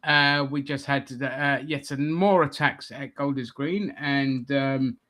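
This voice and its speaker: A man's voice: mid-range voice, steady tone, slow, bright, forceful tone. A man hosting a livestream, ranting in a crude, sarcastic way. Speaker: livestream host.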